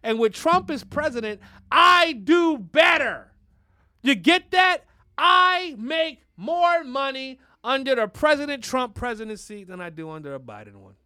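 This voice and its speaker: A man's voice: very high voice, lively intonation, a little slow, pushed and bright, dry recording, studio quality. A man hosting a podcast in a brash, profane casual rant, constantly asking "you know what I'm saying". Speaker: podcast host.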